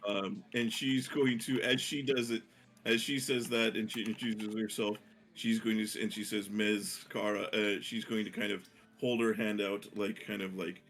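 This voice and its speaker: A man's voice: on the low side, little pitch movement, normal speed, a bit bright, a little hiss or hum. A man narrating as game master, rambling with many fillers and restarts.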